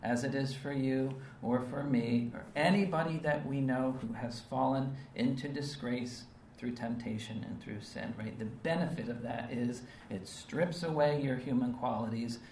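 A male preacher at an ordinary pitch delivers an earnest, emphatic sermon at normal speed, hardly pausing, and often checks in with short rhetorical questions like "right?" and "okay?". His tone is darkish, heard from a distance in a reverberant space with faint ambience and slight background noise.

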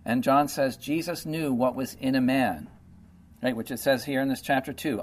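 A man's voice: medium pitch, normal speed. A man preaching a sermon in a conversational way, reading scripture and explaining it with lots of "okay" and "you know".

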